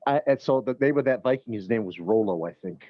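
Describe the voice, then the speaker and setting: A man's voice: fairly low pitch, lively intonation, quick pace, no echo, dull audio. An easygoing man in a casual chat, explaining history at length.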